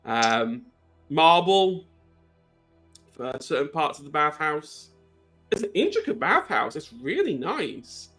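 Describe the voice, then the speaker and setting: A man runs a tabletop horror game, describing scenes slowly and hesitantly. His voice is bright and sits a bit high for a man, with faint music under it. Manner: slow, halting, many fillers. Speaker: game master.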